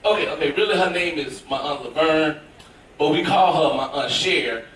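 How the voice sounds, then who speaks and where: A man from Tennessee doing stand-up comedy, telling a story in an animated, emphatic way with shouted punchlines. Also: a little high, moderate pace, slight background noise. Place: cruise ship theater with audience. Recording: echoey theater from far off. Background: audience laughter.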